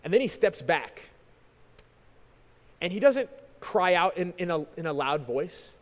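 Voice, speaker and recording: A man preaching, retelling a story in an animated sermon style and often repeating words as he restarts. His voice sits high for a man. A long reverb trails behind him, as in a large church hall. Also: unhurried.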